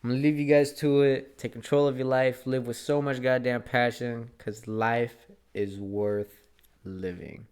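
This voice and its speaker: A man's voice: medium pitch, fairly even intonation, unhurried, darkish tone, clear, resonant tone. Earnest rambling young man, casual swearing. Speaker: vlogger. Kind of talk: casual monologue.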